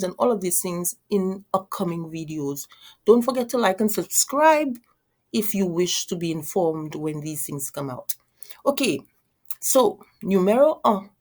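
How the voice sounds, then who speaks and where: Woman teaching French phrases slowly. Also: mid-range voice, darkish tone. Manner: models French phrases slowly, then explains in English; repeats words and restarts often. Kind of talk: language lesson.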